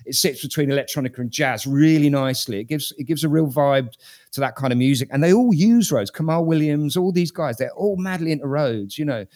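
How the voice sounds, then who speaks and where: A man's voice: fairly high pitch, lively intonation, fairly quick, darkish tone. A man with a British accent, giving blunt opinions on an album in a casual panel discussion, often repeating words as he thinks. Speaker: music critic.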